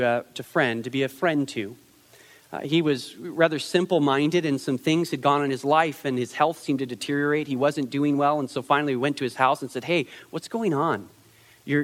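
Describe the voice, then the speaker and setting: A man's voice: fairly high pitch, long reverb tail. A man preaching a conversational sermon, acting out quotes in changing voices, with frequent restarts and repeated words. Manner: conversational, animated, acts out quotes with many restarts. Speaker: pastor.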